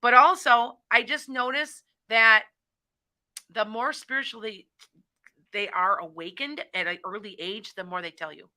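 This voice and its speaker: Bright, lively middle-aged woman host. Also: a little high, measured pace. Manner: rambling, restarts sentences often. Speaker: psychic radio show host. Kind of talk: casual call-in talk. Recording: internet radio show.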